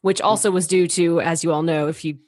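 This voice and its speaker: A woman's voice: lowish voice, steady tone, brisk, a little mellow, no room sound. Chatty woman podcast co-host, dry sound. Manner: chatty, laughs easily, lots of fillers. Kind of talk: casual chat.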